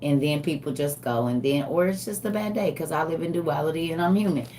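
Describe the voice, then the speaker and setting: Woman, older, livestream host, casual chat, animated, talks to the audience directly. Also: sits low, a little fast, a little hiss or hum. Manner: animated, talks straight to viewers as y'all.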